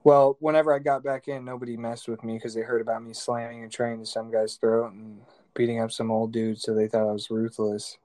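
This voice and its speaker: A man's voice: medium pitch, flat delivery, fairly quick, hardly any pauses, warm tone. A man as a guest in a casual chat, speaking in a laid-back, plain-spoken way. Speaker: podcast guest.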